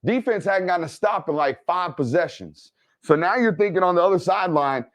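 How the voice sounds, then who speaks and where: A man hosting an energetic game film breakdown. He keeps checking in with "right?" and "okay?". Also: a little high, fairly quick. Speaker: football film analyst and host.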